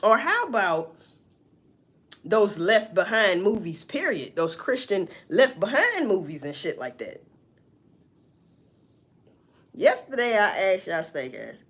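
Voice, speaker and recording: Woman vlogger, lively up-and-down delivery, salty and unfiltered, commenting on the news in a loose, chatty way. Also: medium pitch, unhurried. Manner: profane, animated, talks back to herself.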